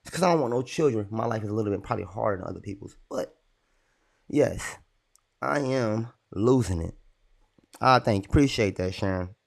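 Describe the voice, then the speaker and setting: A man's voice: on the low side, animated, brisk, vocal fry. Rambling young man streaming late at night. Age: young adult. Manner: rambling, irritated, talks to chat. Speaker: livestreamer. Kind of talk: casual livestream commentary.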